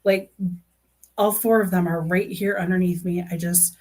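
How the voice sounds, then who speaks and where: A woman's voice: on the low side, steady tone, moderate pace, darkish tone. A woman chatting on a live stream about true crime, rambling with lots of fillers and restarts, earnest and emotionally invested. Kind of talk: casual live-stream chat.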